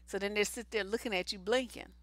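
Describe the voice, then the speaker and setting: A woman's voice: medium pitch, fairly even intonation, fast talker, a bit bright, no room sound. A woman giving blunt, slangy relationship advice in a casual live stream. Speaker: relationship coach.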